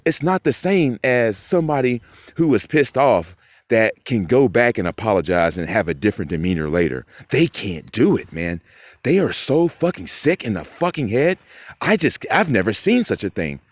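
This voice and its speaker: A man's voice: on the low side, sing-song, normal speed, no room sound. A man in a rambling, profane monologue to camera, agitated and full of fillers. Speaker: vlogger.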